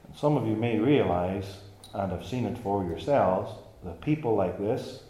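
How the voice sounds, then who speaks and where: A man's voice: on the low side, expressive, measured pace, warm tone. A man preaching a sermon in an emphatic style, using rhetorical questions. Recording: echoey church room.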